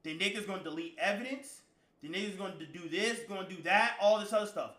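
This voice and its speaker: A man live streaming, telling a story to his chat in a profane, slang-heavy, rambling way that flares into shouting. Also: high-pitched, quick pace, echoey room.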